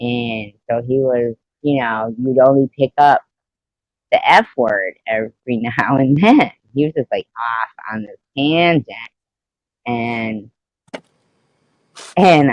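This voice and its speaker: A woman's voice: extremely low pitch, expressive, slow pace, no room sound, low-quality recording. A woman hosting a live stream, telling stories in casual chat, swearing freely and laughing as she goes. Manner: profane, laughs through her stories.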